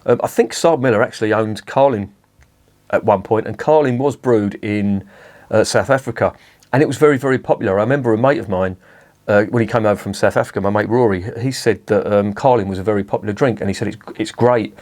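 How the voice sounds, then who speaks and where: A man's voice: on the low side, fast talker, darkish tone. A middle-aged man, reviewing a beer in a casual, rambling monologue, swearing freely and breaking off into asides.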